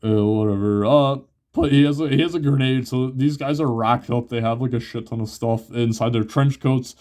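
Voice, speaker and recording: A man's voice: medium pitch, moderate pace, darkish tone. A young man casually reviewing a comic, rambling with many fillers, swearing often and laughing. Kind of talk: casual chat.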